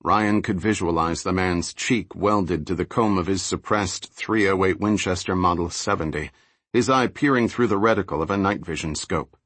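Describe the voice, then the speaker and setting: A man reading a thriller audiobook in a steady, low-key scripted narration. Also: normal speed, slightly rough, dry recording.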